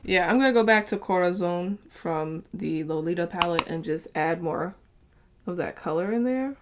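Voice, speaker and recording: A chatty young woman, talking through a makeup tutorial with frequent fillers and laughs. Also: on the low side. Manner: chatty, upbeat, laughs often, lots of fillers. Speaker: beauty vlogger.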